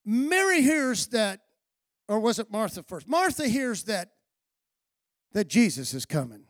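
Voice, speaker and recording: A man preaching a sermon as pastor, telling a story and acting out its dialogue, then building to shouted emphasis. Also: sits high, big pitch swings, measured pace, no echo, studio quality.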